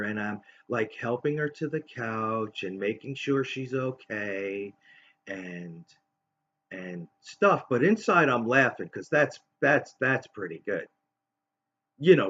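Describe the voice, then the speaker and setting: A man in his fifties hosting a show, telling a personal story in a halting, rambling way full of fillers and restarts. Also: medium pitch, fairly bright tone, highs cut off, a little hiss or hum. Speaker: host.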